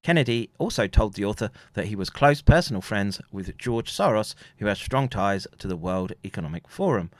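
A man's voice: on the low side, animated, a little fast, hardly any pauses, dry recording. A man hosting a commentary show, reading passages aloud and breaking off with sardonic hums and asides.

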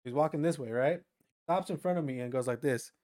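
Fast-talking young man telling a story. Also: a little high, a little mellow, no room sound, clean studio sound. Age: young adult. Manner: storytelling, swears a lot, says "like" constantly. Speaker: podcast co-host. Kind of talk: casual chat.

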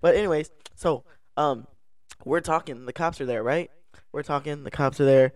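A man's voice: a little high, moderate pace, darkish tone, no room sound, clean studio sound. A young man, a podcast co-host, telling a story in casual chat, rambling and restarting his sentences and laughing along the way. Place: indoor podcast setup.

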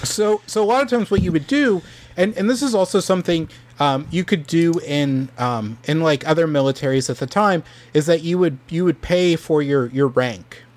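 Casual male podcast host, slightly higher pitch, rambling history talk with lots of fillers. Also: normal speed, a little mellow. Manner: rambling, many fillers and restarts.

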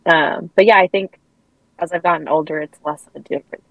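A woman's voice: fairly low pitch, fairly even intonation, brisk, dry recording, poor audio. A woman co-hosting a casual podcast, talking candidly and rambling with lots of filler words. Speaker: podcast co-host.

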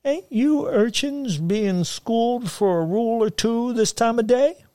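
A man's voice: very high voice, expressive, measured pace, warm tone, dry recording, pitched above the performer's own voice. A man voicing a chubby, folksy old backwoods man who talks in a sing-song drawl and stammers as he goes, in a dry, close recording.

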